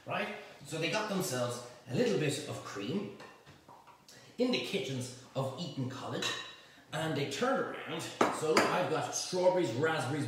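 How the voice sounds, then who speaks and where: A chef hosts a live cook-along, rambling through jokes and slangy asides. His voice sits a little high and moves up and down a lot. He sounds far from the mic in a very echoey room, with faint background noise. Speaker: chef and cooking show host.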